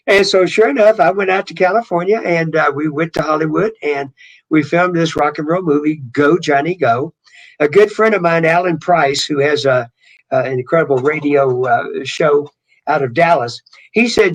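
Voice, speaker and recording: A man's voice: on the high side, moderate pace, poor audio. Older man with a Southern twang. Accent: Southern US drawl. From Louisiana. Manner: rambling, animated storyteller with many restarts. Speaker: guest singer. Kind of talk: storytelling interview.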